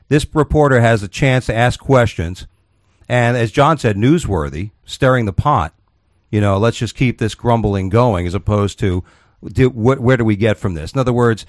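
A man's voice: medium pitch, no echo, studio quality. A man in his forties hosting a radio show, arguing heatedly, swearing often and repeating himself as he pushes his point. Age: 40s. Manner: combative, profane, repeats himself while arguing.

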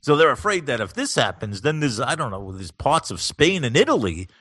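Lively wisecracking man. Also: medium pitch, fairly quick, husky, no echo, clean studio sound. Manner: wisecracking, reads out news bits. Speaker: podcast co-host. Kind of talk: casual chat.

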